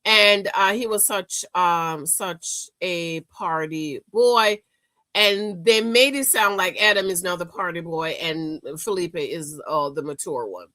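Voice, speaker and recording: Sassy, bright-voiced woman recapping TV. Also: fairly low pitch, slow, no echo. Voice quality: sassy, animated, talks straight to the people she reviews. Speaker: reality TV recap host. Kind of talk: casual commentary.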